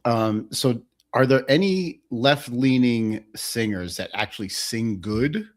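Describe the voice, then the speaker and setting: A man's voice: medium pitch, animated, slow. A man co-hosts a podcast in a mid-range voice, tossing out teasing jokes in loose, casual chat. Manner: jokey, teasing. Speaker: podcast co-host.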